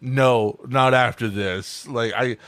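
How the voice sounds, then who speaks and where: A man's voice: mid-range voice, fairly even intonation, slow pace, dry recording. A man co-hosting a casual reaction show, swearing freely and laughing a lot as he jokes. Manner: loud, swearing, laughs often. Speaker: co-host reacting to a video. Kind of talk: casual profane banter.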